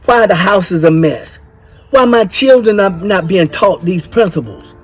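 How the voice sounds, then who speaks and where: Older man, high-pitched, blunt, preachy, faint background music. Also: measured pace, breathy edge. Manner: blunt, preachy, emphatic, swears freely. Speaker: speaker giving advice to men. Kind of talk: casual monologue.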